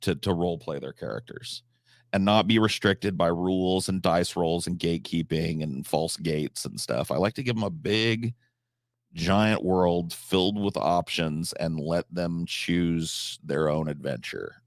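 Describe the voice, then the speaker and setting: A man with a low voice speaks at a measured pace while chatting casually on a live stream and answering questions from chat. He swears freely, restarts often and uses lots of fillers. The sound is clean studio quality with no room sound.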